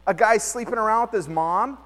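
A man's voice: sits high, fairly quick. Slangy man preaching in a reverberant hall. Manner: lively, slangy, storytelling preacher. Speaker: pastor. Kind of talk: conversational sermon. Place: church hall.

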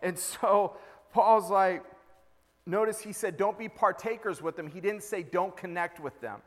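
Male pastor, high-pitched, chatty and humorous from the pulpit, church hall echo. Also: a little slow, fairly bright tone. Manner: conversational, jokey preaching with acted-out asides. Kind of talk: sermon.

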